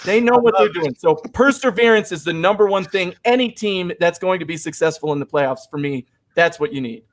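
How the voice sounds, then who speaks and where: A man's voice: high voice, a little fast. A man giving earnest, emphatic sports analysis on a casual talk show. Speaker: podcast co-host.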